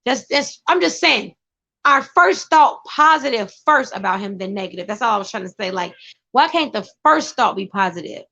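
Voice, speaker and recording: A woman talks in a casual, emphatic vlog style, her high voice rising into excitable bursts. She now and then turns aside to address her partner off-camera. The sound is muffled and lo-fi. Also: normal speed, vocal fry. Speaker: vlogger. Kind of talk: casual commentary.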